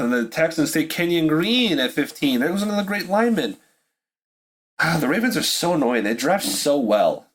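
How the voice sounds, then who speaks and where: A man with a Pittsburgh accent hosting a podcast, reacting live to a football draft, swinging between disbelief and ranting while drinking beer. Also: mid-range voice. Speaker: podcast host.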